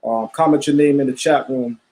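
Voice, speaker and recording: A man's voice: medium pitch, fairly even intonation, brisk, noisy background. A man hosting a live stream, talking casually, repeating himself and calling his viewers family. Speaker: livestream host.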